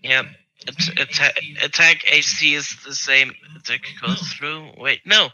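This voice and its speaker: A man playing a tabletop role-playing game, asking quick questions about the rules. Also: fairly high pitch, fairly even intonation, sharp tone, rough recording. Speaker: player. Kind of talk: casual tabletop game chat.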